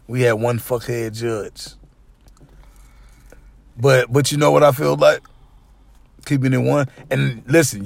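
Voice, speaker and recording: Man, gravelly, dry close sound, animated profane banter. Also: medium pitch, no room sound. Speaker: podcast host. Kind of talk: casual chat.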